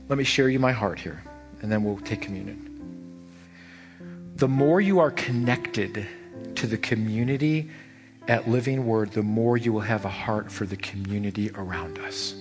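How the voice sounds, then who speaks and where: A man preaching a sermon as pastor, telling a story with lively, animated delivery and repeating phrases for emphasis. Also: normal speed. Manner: animated storytelling, rising high when excited. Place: church sanctuary. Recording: long church reverb with soft music behind.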